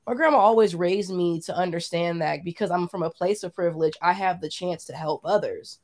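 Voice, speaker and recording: A woman's voice: fairly low pitch, fairly quick, darkish tone. A woman co-hosting a podcast, telling a heartfelt personal story in casual chat, saying "like" often. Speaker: podcast co-host.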